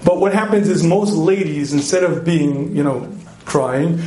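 A middle-aged man giving a joking, animated marriage seminar talk to a live audience, clearing his throat often. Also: on the high side, a little slow. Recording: echoey hall.

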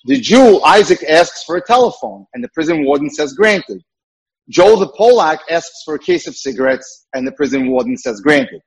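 A man's voice: a little high, animated, brisk, few pauses, slightly rough, rough recording. A man giving a lecture-style talk as a dating mentor, earnest and emphatic, repeating his key points.

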